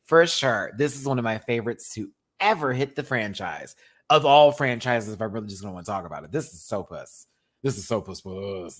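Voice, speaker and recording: A man's voice: fairly low pitch, expressive, normal speed. An American man hosting a casual review show, talking in a campy, exclaiming way full of slang. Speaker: YouTube reviewer host.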